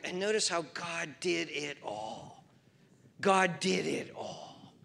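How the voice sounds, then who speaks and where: A male pastor delivering an impassioned sermon to a seated congregation, dropping to hushed appeals. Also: fairly high pitch, animated, takes it slowly, creaky. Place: church hall before a seated congregation. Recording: long hall reverb.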